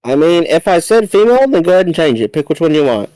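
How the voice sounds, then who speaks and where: A young man acting as game master, briskly reading out moves and rules and recapping the story in a casual tone. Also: fairly high pitch, sing-song, mellow, no room sound, rough recording. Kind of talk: running a tabletop game over voice chat.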